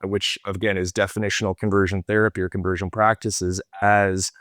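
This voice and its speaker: A Canadian-accented man talks as a podcast guest, steady and earnest, checking in with "right?" as he explains. His voice sits a little low and the sound is dry and close, with no room around it. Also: brisk, dry recording. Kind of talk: casual interview talk.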